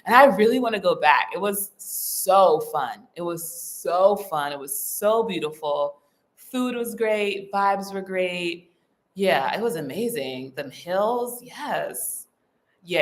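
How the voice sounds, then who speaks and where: A woman hosting a casual livestream, reading chat comments aloud and chatting back with quick asides and frequent laughter. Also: lowish voice. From United States.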